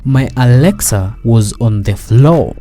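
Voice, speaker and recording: A man's voice: mid-range voice, expressive, slow pace, over music. A man reading a scripted commentary voice-over in a wry, dramatic storytelling manner. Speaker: narrator.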